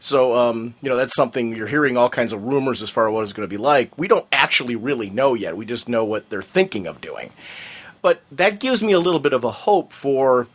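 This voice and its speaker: A man's voice: medium pitch, brisk. A man co-hosting a fan podcast in casual chat, talking in a rambling way with lots of fillers. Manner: animated, rambling with many fillers. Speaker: podcast co-host.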